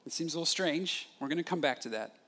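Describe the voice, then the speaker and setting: High-voiced animated male pastor. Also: fast talker. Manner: animated, acts out the disciples' questions. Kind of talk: expository sermon.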